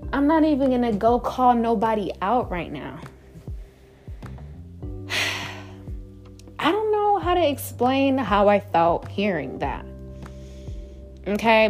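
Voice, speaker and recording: In a casual storytelling monologue, this podcast host shares something personal, candid and chatty with plenty of swearing. Her voice is a little high with a darkish tone.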